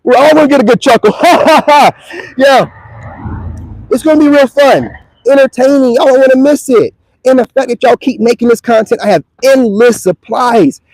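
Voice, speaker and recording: A high-pitched young man delivers a mocking, profane rant straight at the camera. The sound is dry and close, with no room echo. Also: brisk, darkish tone. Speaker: online video creator. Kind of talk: ranting monologue to camera.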